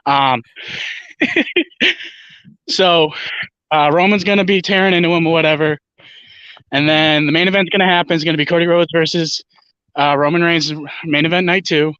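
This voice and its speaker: A guest man on a livestream, speaking confidently and emphatically with casual swearing. His voice is high and bright, coming through dry and a little dull, as over a lo-fi call line. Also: moderate pace, long pauses, smooth, no room sound. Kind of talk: casual chat.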